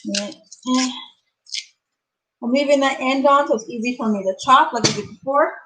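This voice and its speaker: A woman with a somewhat high voice chats casually through a live cooking stream. She narrates each step out loud, talking half to her viewers and half to herself while she works in a home kitchen. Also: normal speed, background noise. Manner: chatty, talks to herself while cooking, sings and playfully whines. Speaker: cooking channel host.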